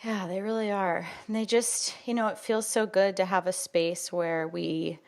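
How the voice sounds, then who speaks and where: A woman hosting a podcast, speaking earnestly and warmly affirming, with many "you know" fillers. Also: medium pitch, steady tone, normal speed. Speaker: podcast host. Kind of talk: casual conversation.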